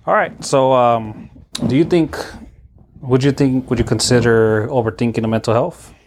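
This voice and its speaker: A man's voice: mid-range voice, moderate pace, a little mellow, a little hiss or hum. A man hosting a podcast in casual chat, rambling with frequent laughs and restarts. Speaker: podcast host.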